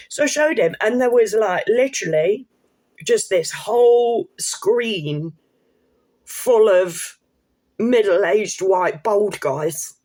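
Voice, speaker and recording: A woman's voice: mid-range voice, animated, measured pace, a little mellow. A British woman in her forties talks straight to her viewers in a loose, gossipy vlog. She is cheeky and blunt, with frequent laughter and the odd swear word. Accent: British English. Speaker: vlogger. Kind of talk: casual to-camera commentary.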